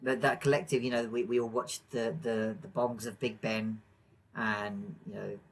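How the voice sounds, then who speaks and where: A man co-hosting a podcast in casual chat, rambling with fillers and quick to laugh. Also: fairly low pitch, flat delivery, husky, poor audio. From England. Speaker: podcast co-host.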